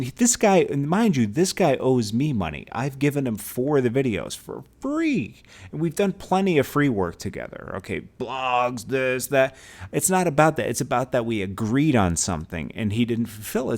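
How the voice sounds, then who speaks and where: A young man casually telling a story to his viewers, acting out the other people's lines with loud, high outbursts. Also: normal speed. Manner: animated, acts out quotes with loud high outbursts.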